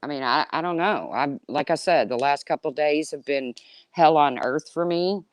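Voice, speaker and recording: A woman's voice: sits low, normal speed, dry recording. A woman with a Midwestern accent, co-hosting a casual chat, talking hesitantly and often restarting her sentences. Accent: Midwestern American.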